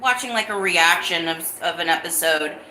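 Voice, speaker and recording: A woman's voice: fairly low pitch, moderate pace, bright, forceful tone, roomy sound, a little hiss or hum. A woman hosting her own live-stream podcast, talking casually and greeting viewers in the chat. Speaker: livestream podcast host.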